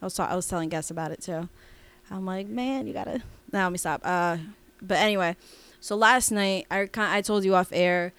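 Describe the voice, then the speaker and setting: A woman co-hosting a podcast, telling a story in a rambling, animated way with lots of fillers and restarts. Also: fairly low pitch, a little fast, clean tone. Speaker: podcast co-host. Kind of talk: casual storytelling chat.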